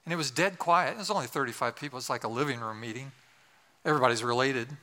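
Bright-voiced older male pastor, humorous. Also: medium pitch, fast, long reverb tail. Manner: humorous, self-deprecating asides. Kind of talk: storytelling sermon.

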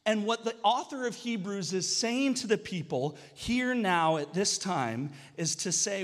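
A man in his thirties preaching a sermon, telling the story in a lively way and acting out whiny voices. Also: high-pitched, a little slow, few pauses, big-room sound. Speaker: pastor.

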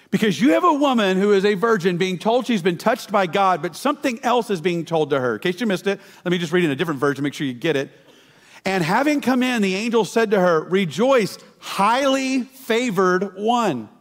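Folksy pastor in a reverberant hall. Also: male voice, high voice. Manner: folksy, humorous storytelling, addresses the congregation as y'all. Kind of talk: sermon with storytelling.

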